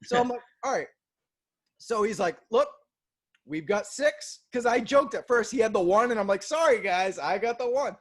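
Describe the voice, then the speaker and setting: A man from Boston, co-hosting a casual chat and telling a story in an animated way, acting out the people in it and swearing casually. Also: high-pitched, moderate pace. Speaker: co-host.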